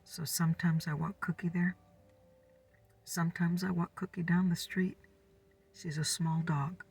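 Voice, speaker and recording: Breathy whispering woman in her fifties. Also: lowish voice, flat delivery, a little slow, recorded from a distance. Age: 50s. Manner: soft whispered gossip storytelling. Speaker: ASMR storyteller. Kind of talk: whispered ASMR storytelling.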